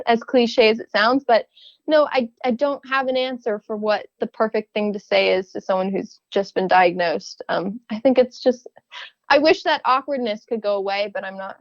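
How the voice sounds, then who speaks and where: A woman's voice: a little high, no echo, highs cut off. A young woman as a podcast guest, talking thoughtfully and hesitantly with many fillers. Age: young adult. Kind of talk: casual interview chat.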